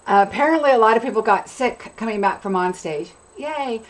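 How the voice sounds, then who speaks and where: A woman's voice: fairly high pitch, expressive, brisk, rough recording. Woman, middle-aged, from California, sick with a cold, coughing, chatty, upbeat, live-stream host. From California, USA. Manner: chatty and upbeat, greets and answers viewers by name. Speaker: craft demonstrator hosting a live stream. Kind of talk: casual live-stream chat.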